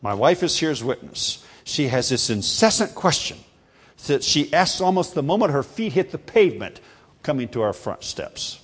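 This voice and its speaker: An older man preaching a sermon to a congregation, emphatic and animated, calling on listeners to repeat phrases after him. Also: on the high side, normal speed, husky. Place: before a live congregation.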